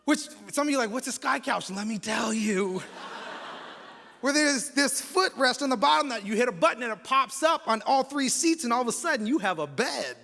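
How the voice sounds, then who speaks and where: A man's voice: very high-pitched, animated, quick pace, hardly any pauses, bright, forceful tone, in a large hall. A man with an American accent, a campus pastor leading a prayer and then telling a joking story in a sermon, with many restarts. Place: large church hall.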